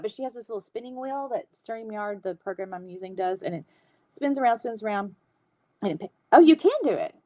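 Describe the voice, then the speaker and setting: A woman's voice: medium pitch, dry recording. Chatty woman hosting a livestream. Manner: chatty, warm-hearted, laughs often. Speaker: livestream host teaching hand lettering. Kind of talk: casual livestream chat.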